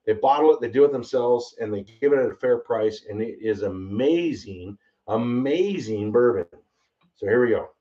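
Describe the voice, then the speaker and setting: An excitable man hosts a rambling bourbon tasting, talking at an ordinary pitch. He is heard from a little away from the mic, and the sound is dull and lo-fi. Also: moderate pace. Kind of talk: casual livestream tasting chat. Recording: slightly distant, dull lo-fi mic.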